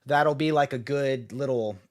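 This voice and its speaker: A man's voice: mid-range voice, a little slow, a loud crowd. A man co-hosting a casual comics talk show, chatty with many fillers and frequent laughs. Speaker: podcast host. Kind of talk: casual chat about comics.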